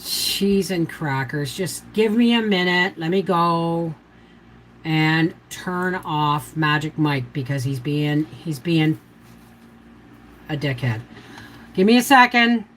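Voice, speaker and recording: A woman's voice: low-pitched, slow, a little hiss or hum, poor audio. An older woman hosting a casual homestead livestream, rambling and chatty as she walks viewers through canning steps. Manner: rambling, chatty, giving step-by-step canning instructions. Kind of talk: casual live-stream chat.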